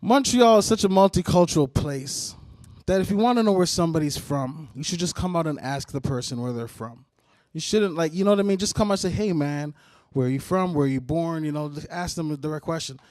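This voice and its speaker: High-voiced male comedian telling a story. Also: fast, no room sound, studio quality. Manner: animated, profane, conversational storytelling. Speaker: comedian guest. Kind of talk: storytelling on a talk show. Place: studio.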